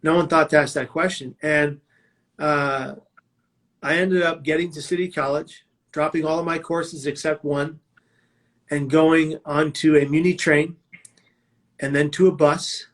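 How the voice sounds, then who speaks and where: A man's voice: on the high side, steady tone, measured pace, long pauses. A man telling his own life story as a prevention speaker, in a vivid, dramatic way with emphatic quoted lines. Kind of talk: personal storytelling talk.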